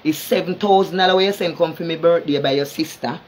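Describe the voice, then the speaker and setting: A man with a Jamaican accent launches a heated, confrontational social media rant in a slightly high voice, talking fast. He curses constantly and stammers, tripping over repeated words.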